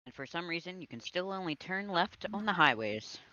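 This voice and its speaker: A man with a bright, lively, slightly high voice, bantering loosely with friends before their tabletop game. The sound is dry and a little dull, like a voice-call mic with no room around it. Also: brisk, no echo. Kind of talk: casual chat before a game session.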